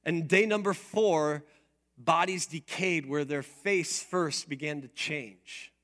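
A man preaching a sermon in an animated, playful way, drawing his congregation into call-and-response. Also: fairly high pitch, slow pace. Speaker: pastor.

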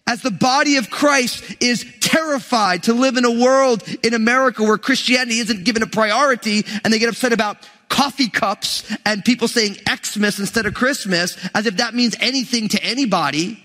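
A man's voice: very high voice, bright, forceful tone. A man in his thirties preaching a sermon as a pastor, emphatic and joking with the congregation. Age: 30s. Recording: long hall reverb.

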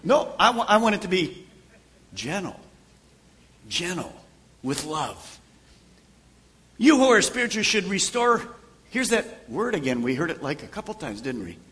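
Animated, high-voiced older preacher. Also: male voice, brisk. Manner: animated preacher acting out conversations, shifting from loud to hushed. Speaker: pastor. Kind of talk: sermon.

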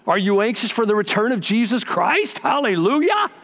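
A man preaching a sermon as pastor, telling stories and acting out quotes with lively swings in his voice. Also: sits high, moderate pace. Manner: animated storytelling with acted-out quotes. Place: church sanctuary.

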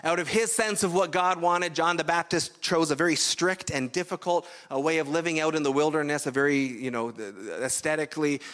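A man from Canada delivers a sermon in a relaxed, explanatory manner, as if talking the congregation through an idea. His voice sits somewhat high for a man. He often pauses to check in with a quick "right?". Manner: conversational, explanatory preaching with frequent "right?" asides. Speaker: pastor.

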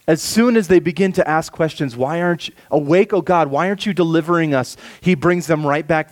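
A man preaching a sermon, reading scripture slowly and softly, then rising for emphasis. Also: a little high. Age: adult with children. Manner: expressive preaching, slows and softens for scripture, rises for emphasis. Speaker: pastor.

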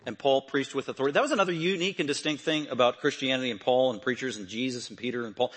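A man preaching a sermon, talking through a passage and building to loud, emphatic proclamations. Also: medium pitch, rapid-fire, hardly any pauses, breathy edge.

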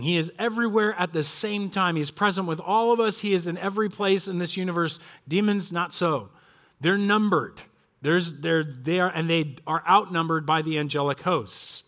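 A man in his forties preaching a sermon, telling a story with animated quoted voices. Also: high-pitched. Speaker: pastor. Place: church.

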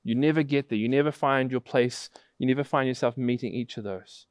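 A man's voice: mid-range voice, a little fast, smooth, dry recording, clean studio sound. A man preaching a sermon, telling a vivid illustrative story that builds in intensity.

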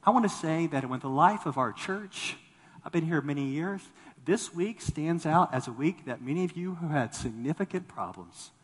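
Husky male pastor preaching in a hall. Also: normal speed. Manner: animated preaching, voice swelling then dropping low; repeats words when starting a thought. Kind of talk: sermon.

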